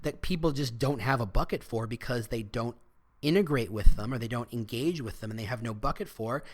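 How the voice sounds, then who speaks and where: A man's voice: mid-range voice, a little fast. A man hosting a solo podcast, talking casually with frequent restarts and asides. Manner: rambling, self-interrupting, frequent restarts. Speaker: podcast host.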